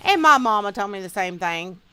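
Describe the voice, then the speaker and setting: Bright-voiced woman telling stories. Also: medium pitch, lively intonation, fairly quick, clean tone. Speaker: streamer. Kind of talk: casual storytelling while gaming.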